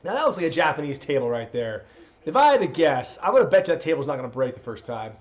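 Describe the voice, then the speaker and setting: A man with a fairly high voice chats casually through a live wrestling watchalong, reacting and laughing as he goes. The recording is dull and lo-fi. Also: very animated, fast talker. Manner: chatty, laughing, reacting to the action. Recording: muffled lo-fi audio.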